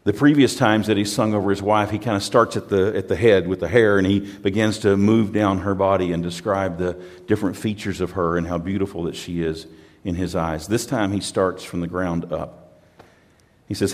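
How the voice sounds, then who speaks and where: A man's voice: deep voice, fairly even intonation, normal speed, long reverb tail. A pastor from the United States preaching a sermon in a conversational, storytelling way, often repeating words as he restarts.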